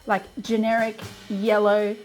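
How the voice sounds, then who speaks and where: A woman's voice: medium pitch, little pitch movement, unhurried, darkish tone, faint music behind. An Australian woman hosting her cooking show, chatty and enthusiastic as she walks through a recipe. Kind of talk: upbeat cooking demonstration.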